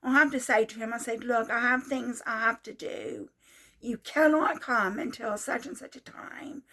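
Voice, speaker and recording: A woman's voice: fairly high pitch, pushed and bright. A woman in her sixties telling a personal story in a casual monologue, repeating herself in an exasperated way. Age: 60s. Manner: repetitive, exasperated retelling. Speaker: vlogger.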